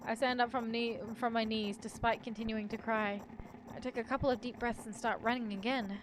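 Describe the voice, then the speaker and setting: A woman's voice: a little high, steady tone, fairly quick, slight background noise, poor audio. Woman streamer reading a horror story. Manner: first-person storytelling with joking asides.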